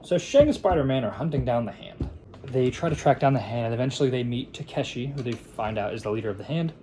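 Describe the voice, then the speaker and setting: Young guy recapping a movie at his desk, rambly, lots of ums, mellow kinda dark voice, bit of hiss. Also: mid-range voice, expressive, quick pace. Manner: rambling, with frequent fillers and restarts into quoted voices. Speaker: film reviewer. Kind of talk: casual plot recap and review. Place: at his editing table.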